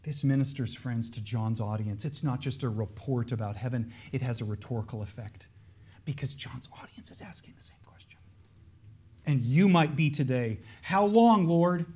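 A man preaching a sermon, earnest, dropping to hushed lines and then rising into raised, pleading emphasis. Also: medium pitch, normal speed, breathy edge.

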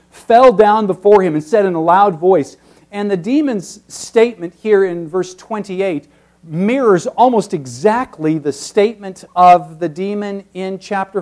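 A man preaching an expository sermon, teacherly, with emphatic peaks that drop to very soft passages. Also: high-pitched.

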